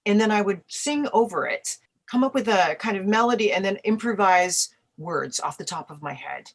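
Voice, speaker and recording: A middle-aged woman from Canada talks through her memories in a relaxed interview. She tells stories with energy, slipping into little acted-out voices for the people she quotes. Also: mid-range voice, moderate pace, creaky. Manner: animated storyteller, acts out quoted voices. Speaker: musician guest. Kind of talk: casual interview answers.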